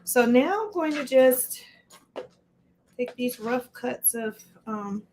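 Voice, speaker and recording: A woman's voice: a little high, expressive, takes it slowly, darkish tone, a little hiss or hum. A woman hosting a casual live cooking stream from her home kitchen, chatting to viewers by name while she chops. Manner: chatty, greets viewers by name mid-task. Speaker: livestream cooking host.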